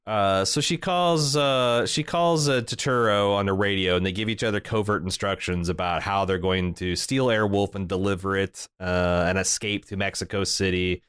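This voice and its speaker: A man's voice: deep voice, steady tone, moderate pace, few pauses, fairly bright tone, smooth, no echo, clean studio sound. A man co-hosting a podcast, recapping an episode in a casual, profane, jokey way. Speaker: podcast co-host.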